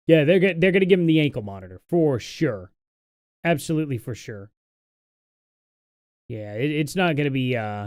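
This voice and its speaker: A man's voice: mid-range voice, darkish tone, no echo, studio quality. A young adult man hosting a casual live stream, talking in a tired, rambling, sarcastic way.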